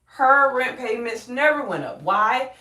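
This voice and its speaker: A woman's voice: a little high, lively intonation, unhurried, bright, forceful tone, echoey room. A woman real estate agent with a Southern accent teaches a live-streamed lesson in a folksy way, quizzing her viewers and calling them y'all.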